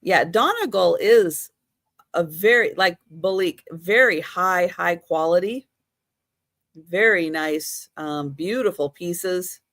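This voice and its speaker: A woman's voice: lowish voice, slow, fairly bright tone, no room sound, clean studio sound. A woman hosting a live online auction, chatty and laughing at her own slips. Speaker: live sale host.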